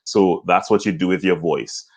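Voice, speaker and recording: A man from Trinidad speaks with a very low, deep voice as an interview guest. He explains things patiently and step by step, like a voice coach teaching a lesson. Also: moderate pace, breathy edge. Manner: explanatory, demonstrates points with acted examples.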